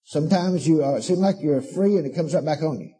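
A fervent male preacher with a high, husky voice, soft and mellow rather than bright. He speaks emphatically and repeats his lines, calling listeners "honey" and "darling" as he exhorts them. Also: fairly quick, rough recording. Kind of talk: sermon to a congregation.

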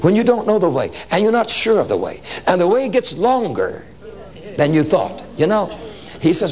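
A man preaching a sermon full of stories, animated and colloquial, repeating words for emphasis. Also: sits high, normal speed, a faint crowd. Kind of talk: sermon with storytelling.

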